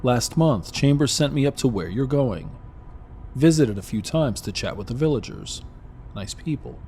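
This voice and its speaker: A man voicing a brawny, easygoing Jamaican driver who talks in a relaxed, drawling way with a Jamaican accent. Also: medium pitch, normal speed, slight background noise.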